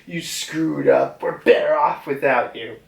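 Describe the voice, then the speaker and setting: A man's voice: fairly high pitch, measured pace, vocal fry. A man voicing an aloof, haughty female thundercloud who scolds the others. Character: aloof female thundercloud, loyal only to her boss. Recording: roomy, distant from mic.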